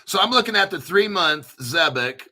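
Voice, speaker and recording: Dude rambling on a crypto stream, laughs a lot, kinda high voice. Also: male voice, normal speed. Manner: excitable, laughing often, rambling with restarts. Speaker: crypto livestream host. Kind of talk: casual livestream commentary.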